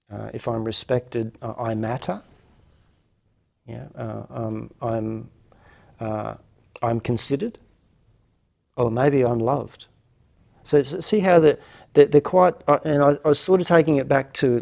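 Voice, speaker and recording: A man's voice: mid-range voice, creaky, a little mellow. A man hosting a reflective lecture series, musing aloud with many fillers and restarts. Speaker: host of a non-duality lecture series.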